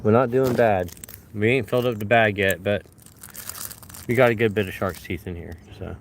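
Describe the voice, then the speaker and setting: Out on a hillside, a fossil-hunting vlogger talks casually to his viewers while he searches, getting gleeful every time he finds something. His voice is on the low side, with a steady tone and a moderate pace. There's slight background noise.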